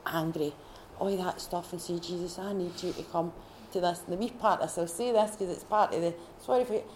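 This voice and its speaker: A Scottish woman at a faith retreat, sharing her personal testimony in a heartfelt, halting way with many restarts. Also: lowish voice, fairly even intonation, darkish tone, slight background noise. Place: retreat gathering room.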